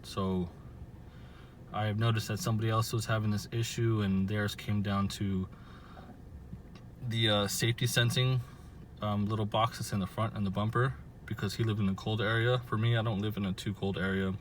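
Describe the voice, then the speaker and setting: A man's voice: on the low side, level tone, normal speed, a little hiss or hum. A man from Southern California, filming a casual vlog outdoors by his car and explaining car trouble in a rambling way, full of fillers and restarts. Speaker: car owner vlogger.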